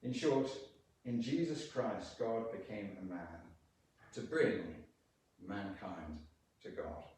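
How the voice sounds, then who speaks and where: A man giving an earnest lunchtime sermon in a church, slowing down to stress quoted lines. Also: fairly low pitch, darkish tone, distant mic. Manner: earnest, with slow emphatic quotations and pauses. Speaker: preacher. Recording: very echoey church from off-mic.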